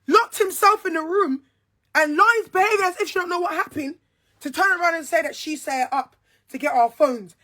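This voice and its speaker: Young woman ranting, high sharp voice, heated and repetitive. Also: fairly quick. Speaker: reality show cast member. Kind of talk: angry monologue to camera.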